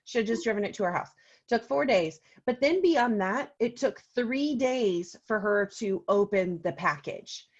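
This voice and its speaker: A woman on a casual video call, co-hosting an oils business meeting, drifts into stories peppered with ums. Her voice is mid-range and husky, with lively intonation and an unhurried pace, while the audio sounds dull.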